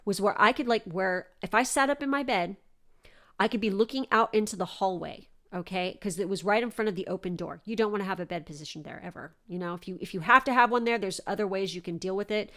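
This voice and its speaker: Young woman podcast host, casual storyteller, animated and profane delivery, mid-range voice. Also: medium pitch, quick pace. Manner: animated, swears often.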